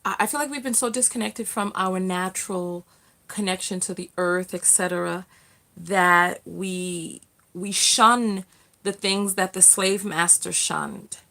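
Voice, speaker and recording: A woman's voice: mid-range voice, fairly even intonation, a little slow, bright, forceful tone. A middle-aged woman hosting a casual livestream, reading out viewer comments in a chatty way with lots of fillers and restarts. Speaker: livestream host, self-love coach.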